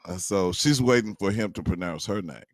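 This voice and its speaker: Older man, grandfather, casual storytelling, chuckles often, lowish voice, dry close sound. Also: brisk, no echo. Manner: chuckling, teasing, keeps addressing listeners as y'all. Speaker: grandfather telling family stories.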